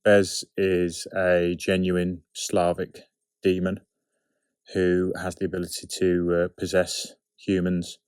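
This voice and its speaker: A man of about forty talks through production notes in a casual, wry way, often asking himself questions and answering them. His voice sits very low. The sound is dry and close, with no room around it. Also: completely flat delivery, takes it slowly, darkish tone, clear, resonant tone, dry recording. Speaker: writer and producer of an audio drama series. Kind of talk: behind-the-scenes production commentary.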